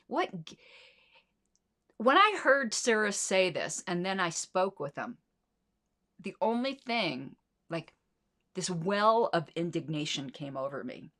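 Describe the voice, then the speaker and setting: A woman's voice: fairly low pitch, big pitch swings, takes it slowly, pauses often, fairly bright tone. A middle-aged woman hosting a solo commentary show, talking in an indignant, sarcastic way and swearing freely. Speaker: podcast host.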